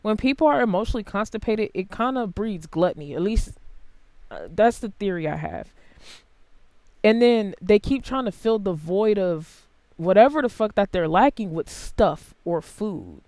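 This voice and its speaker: A tarot reader giving a casual, blunt and heavily profane reading to camera, swinging between quiet asides and loud outbursts. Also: big pitch swings, moderate pace, no echo. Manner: big jumps in pitch and loudness.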